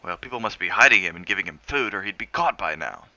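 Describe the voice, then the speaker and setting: A man voicing a brash, crude middle-aged businessman who fires off loud, demanding questions. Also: deep voice, expressive, fast talker, no echo, exaggerated voice.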